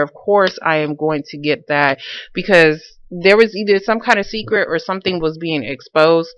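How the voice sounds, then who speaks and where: A woman's voice: on the low side, a bit bright, no echo. A woman giving a casual tarot card reading, chatty and colloquial, with frequent fillers and laughter. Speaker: tarot reader.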